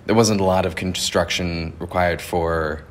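Young guy theater student, really low voice, laid back and rambly. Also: a little slow, a little hiss or hum. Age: young adult. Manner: relaxed, rambling with fillers. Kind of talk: casual interview chat.

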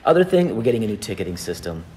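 A man's voice: on the low side, sing-song, rapid-fire, mellow, slight background noise. Chatty man promoting a show. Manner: chatty, upbeat, hesitant fillers. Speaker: show organizer. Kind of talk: casual interview chat.

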